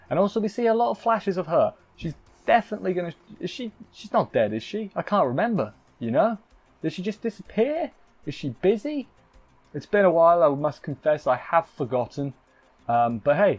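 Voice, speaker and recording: Recapping an anime episode live, this reviewer rambles, cracks jokes, and often turns the humor on himself. His voice sits on the high side and sounds a little mellow, though the audio is dull.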